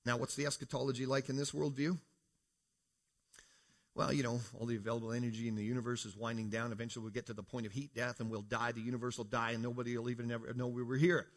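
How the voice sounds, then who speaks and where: A man from Canada addresses a congregation from the front of a church hall. He keeps it conversational, calls people folks and asks them questions, his voice sitting at an ordinary middle pitch. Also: level tone, fast talker. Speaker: preacher. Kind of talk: creation apologetics talk to a congregation.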